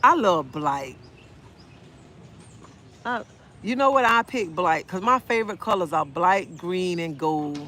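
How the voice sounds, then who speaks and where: A woman, chatting on a phone live stream outdoors in a park. She talks in an outspoken, animated way and answers viewer comments as she goes. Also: fairly low pitch, takes it slowly, long pauses, slight background noise. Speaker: livestreamer. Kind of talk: casual live-stream chat.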